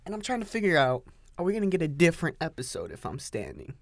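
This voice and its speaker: A man's voice: a little high, huge pitch swings, quick pace, vocal fry, no room sound. Young guy ranting on his own podcast, cusses a lot, loops back on himself, dry sound. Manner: profane, rambling, repeats himself; talking while standing and drinking coffee. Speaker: podcast host. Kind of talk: rambling solo podcast chat.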